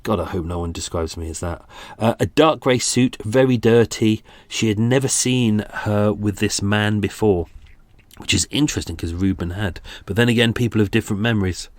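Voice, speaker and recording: A man's voice: fairly low pitch, normal speed, dry recording. A man in his forties with a British accent, hosting a true-crime podcast in a chatty, self-deprecating way. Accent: British English. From England. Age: 40s. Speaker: podcast host.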